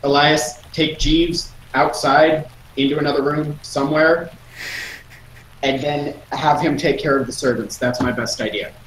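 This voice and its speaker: A man's voice: on the high side, steady tone, measured pace, fairly bright tone, slight background noise. Man planning aloud in a roomy space. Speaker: player. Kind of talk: tabletop game chat.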